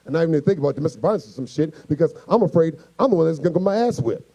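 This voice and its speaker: Animated, profane male stand-up comic. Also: fairly high pitch, rapid-fire, few pauses, poor audio. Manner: animated, profane, acts out voices. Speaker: stand-up comedian. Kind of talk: stand-up comedy storytelling.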